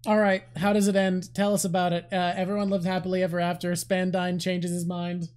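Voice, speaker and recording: Relaxed woman co-host, lower voice. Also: a little fast, smooth. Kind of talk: casual chat.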